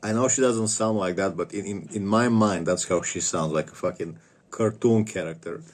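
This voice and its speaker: Low-voiced profane man ranting. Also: normal speed. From Bulgaria. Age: 30s. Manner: crude, rambling, profane, stammering repetitions. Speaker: vlogger. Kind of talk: casual rant.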